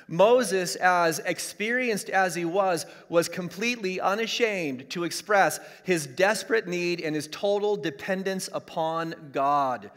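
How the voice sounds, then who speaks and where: A man's voice: high-pitched, unhurried, few pauses, fairly bright tone. A middle-aged man preaching a sermon as pastor, driving points home by repeating them, streamed from his church. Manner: emphatic, repeats key lines for emphasis. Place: church streaming an online service. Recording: long hall reverb.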